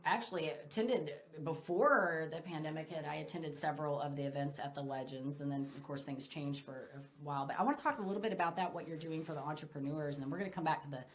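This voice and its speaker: A woman's voice: sits low, quick pace, few pauses. A woman hosting an interview, chatty and eager to link what the guest says to past conversations. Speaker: podcast host. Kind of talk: interview chat.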